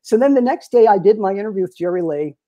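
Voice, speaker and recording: A man in his sixties, a retired publicist and interview guest, telling lively anecdotes with frequent chuckles. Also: high-pitched, fast talker, highs cut off. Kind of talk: storytelling in a casual interview.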